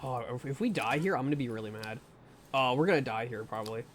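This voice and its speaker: A live streamer narrates a tense game to viewers with a lively, wide-ranging voice. Nervous laughs break in as they swear and plead again and again. A faint hiss sits behind the talk. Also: mid-range voice, fast talker. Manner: self-narrating with anxious laughs. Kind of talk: live gameplay commentary.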